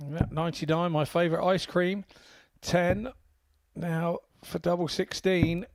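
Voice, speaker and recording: A man's voice: high-pitched, little pitch movement, measured pace, no echo. A man co-commentating on darts, jokey, with advice on the players' mindset. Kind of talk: live sports commentary.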